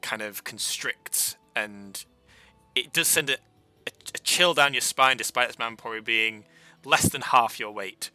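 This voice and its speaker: A man's voice: medium pitch, measured pace, pushed and bright, clear, resonant tone, no room sound, soft background music. A man narrating a tabletop role-playing game as game master, with many hesitations and fillers.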